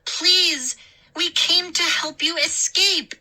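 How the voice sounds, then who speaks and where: A woman voicing frightened storybook children who shout in panic. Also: sits high, expressive, unhurried, pitched above the performer's own voice, exaggerated voice. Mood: panicked. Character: frightened kids, narrator and friends.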